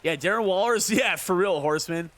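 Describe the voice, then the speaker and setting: This man has a high, slightly bright voice and speaks a little fast. He's livestreaming a baseball video game, offering casual commentary while joking with and ribbing his chat.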